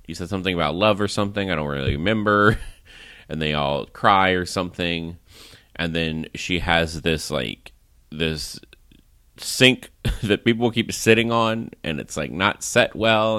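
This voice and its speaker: A man's voice: deep voice, normal speed, sharp tone, clean tone, dry recording. A man hosting a casual movie review podcast, recapping the plot in a rambling way with lots of "like" and laughs. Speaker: podcast host.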